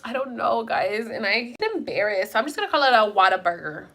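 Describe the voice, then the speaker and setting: A woman's voice: a little high, quick pace, few pauses, fairly bright tone. A young woman live-streaming at home, chatting with viewers in a rambling, casual way and swearing now and then. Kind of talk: casual chat.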